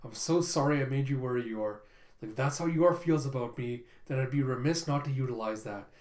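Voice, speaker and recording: A man putting on a low, cool-headed male spy. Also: a little mellow, reverberant, lightly acted. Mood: earnest. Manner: low, measured inner monologue. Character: calm, calculating adult male spy.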